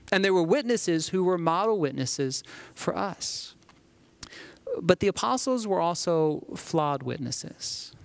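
A man's voice: fairly high pitch, dry recording. A man preaching a sermon as a pastor, telling the scripture scenes like a story and acting them out.

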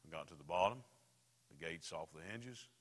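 A man preaching a sermon as a pastor, telling stories in a voice that swings from hushed to loud. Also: low-pitched, animated, moderate pace. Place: church sanctuary. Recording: reverberant church hall.

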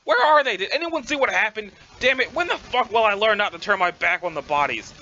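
A man voicing a furious, foul-mouthed young male troll who yells and swears constantly in a dramatic webcomic reading. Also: sits high, expressive, fairly quick, lo-fi sound, a little hiss or hum, heavily acted. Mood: ranting.

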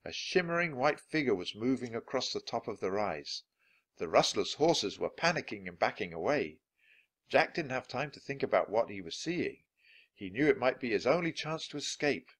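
A man reading a children's chapter book aloud, clear and deliberate for learners of English. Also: medium pitch, very animated, a bit bright. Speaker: storybook reader.

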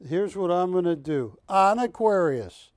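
Unhurried and high-pitched, this man's voice comes through a dry, clean studio recording. He's a shopping channel host pitching art live, keeping things jokey and lively while teasing the people he hosts with.

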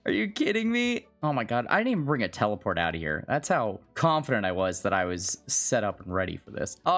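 A man giving casual, self-mocking gameplay commentary at his computer, sarcastic and swearing often. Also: mid-range voice. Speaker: video game streamer.

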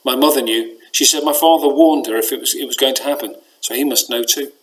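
A man's voice: medium pitch, fairly even intonation, fast talker, natural voice, poor audio. A man voicing a curious young boy in a storybook, asking eager questions. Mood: earnest.

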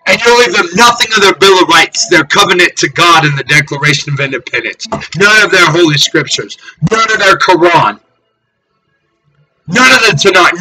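A man preacher delivering a fiery, profane sermon, ranting, cursing and often shouting. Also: high-pitched, animated, moderate pace, faint music behind, low-quality recording.

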